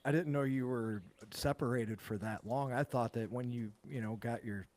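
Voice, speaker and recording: A man's voice: mid-range voice, moderate pace, a loud crowd. A man hosting a podcast, responding in an earnest, reflective way and openly moved by his guest. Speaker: podcast host. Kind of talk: podcast interview.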